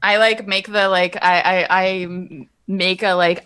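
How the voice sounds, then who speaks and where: A woman's voice: mid-range voice, steady tone, normal speed, few pauses, a bit bright. A woman player in a tabletop game, chatting casually and rambling with lots of fillers. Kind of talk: casual chat.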